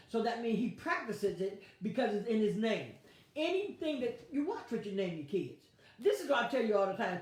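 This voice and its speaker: A woman pastor, teaching a lively Bible study with playful asides and acted-out quotes. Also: a little high. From United States. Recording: very echoey room.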